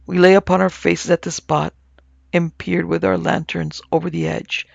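A man narrating a ghost story for an audiobook in a measured, even-toned way. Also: on the high side, gravelly, no room sound, highs cut off. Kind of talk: scripted narration.

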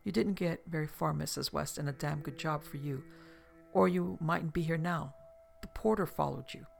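Storybook role: narrator doing a gruff, blunt surgeon, gravelly. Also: medium pitch, moderate pace, faint music behind. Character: gruff, outspoken man surgeon.

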